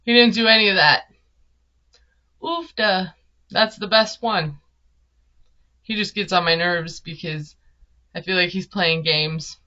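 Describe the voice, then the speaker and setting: A woman's voice: on the low side, unhurried, sharp tone, lo-fi sound. A woman, recapping a reality show in casual, sarcastic commentary. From Minnesota. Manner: chatty, sarcastic, laughs often. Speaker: TV recap vlogger.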